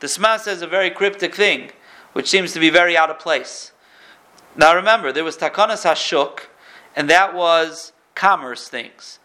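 High, bright-voiced man teaching Talmud. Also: animated, moderate pace. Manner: reads Hebrew text then explains in casual English. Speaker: Torah teacher. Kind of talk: Talmud lesson, reading and translating.

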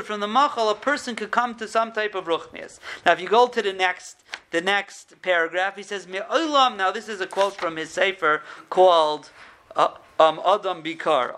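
A man with a high, bright, sharp-edged voice teaches an informal Torah class. He tells stories and often restarts his sentences. He sprinkles Hebrew terms through his plain English. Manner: storytelling with frequent restarts, mixes in Hebrew terms.

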